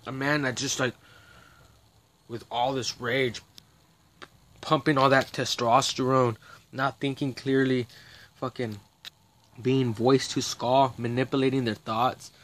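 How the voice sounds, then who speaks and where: A man's voice: mid-range voice, level tone, slow pace, pauses often, fairly bright tone. A man talking straight to camera in a rambling, profane monologue, agitated and restarting his sentences often. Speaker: vlogger.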